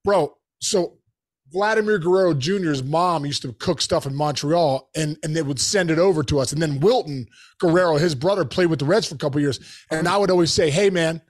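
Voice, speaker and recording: A man hosting a podcast, telling a story casually in animated bursts, full of restarts and "bro" and "dude". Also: fairly high pitch, a little fast.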